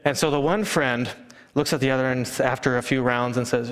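A man preaching a sermon, telling stories and acting out hushed family chatter. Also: mid-range voice, a little fast. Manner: animated storyteller, acts out hushing relatives. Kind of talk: sermon with storytelling. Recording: long hall reverb.

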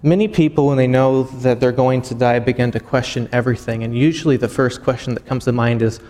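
A man preaching a sermon. He tells a long story, halting and often repeating words as he goes. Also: mid-range voice, fairly even intonation, darkish tone. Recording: long hall reverb.

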